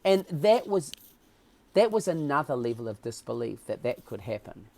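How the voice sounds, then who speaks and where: A man with a New Zealand accent, a podcast guest telling stories in a casual interview with animated, emotional delivery. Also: medium pitch, moderate pace, gravelly.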